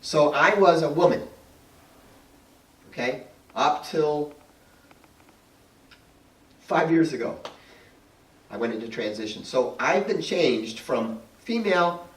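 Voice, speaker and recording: His voice runs on the high side and is animated, slow, and full of pauses. This middle-aged painter and guest speaker tells an audience personal stories in a chatty way, laughing often and imitating what people said. The roomy audio comes from a distant mic.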